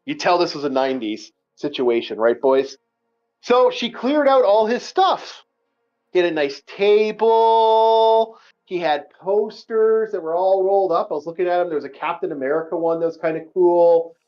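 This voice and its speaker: An animated, profane man tells a casual story in a high voice and acts out each exchange. The recording is dull and lo-fi, with faint music underneath. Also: moderate pace. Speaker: podcast host telling a story.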